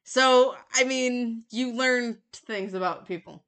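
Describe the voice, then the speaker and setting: A woman's voice: fairly high pitch, slow, a bit bright. A woman co-hosting a podcast, chatting casually in a blunt, profane way. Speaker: podcast co-host. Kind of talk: casual chat.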